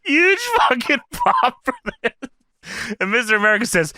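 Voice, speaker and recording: A man hosting a podcast in a casual, animated style, often laughing and swearing. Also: very high-pitched, normal speed, no echo, studio quality. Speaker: podcast host. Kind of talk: casual retro wrestling review.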